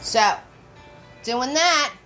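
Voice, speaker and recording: Friendly painting teacher lady, slow and chatty, bright voice, quiet music in the background. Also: high-pitched, lively intonation, low-quality recording. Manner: chatty and encouraging, greets viewers by name; slow step-by-step instructions. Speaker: paint party instructor. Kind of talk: live-streamed painting lesson.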